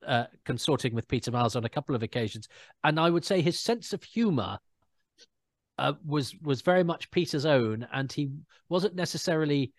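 A man's voice: fairly high pitch, animated, normal speed, dry recording. A man chatting casually as a guest, telling anecdotes and quoting people in put-on voices. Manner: anecdotal, imitates people in quotes. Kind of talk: casual chat.

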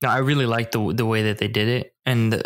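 A man co-hosting a podcast, talking casually about a movie in a halting, hesitant way with many fillers. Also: on the low side, steady tone. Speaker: podcast co-host.

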